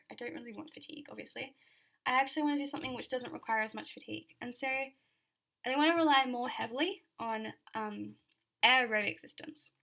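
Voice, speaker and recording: A woman's voice: high voice, fairly bright tone. A young Australian woman giving a chatty exam revision lecture, full of fillers and repeated key points.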